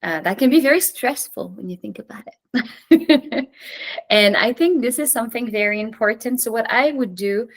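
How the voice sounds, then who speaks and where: A woman's voice: on the high side, lively intonation, moderate pace. A woman in her forties whose first language is French, teaching English to learners in a chatty, friendly way with small laughs and restarts. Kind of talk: talking to a class of learners.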